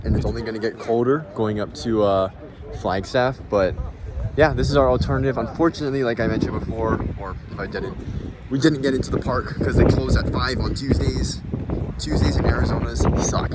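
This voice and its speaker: A young man chats upbeat to his viewers while filming a travel vlog on a handheld camera. His voice sits in an ordinary male range. Loud wind batters the mic through most of it. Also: medium pitch, moderate pace. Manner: chatty, upbeat, talking to camera. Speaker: vlogger. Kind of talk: casual travel vlog narration. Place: outdoors, windy desert trails and lookouts.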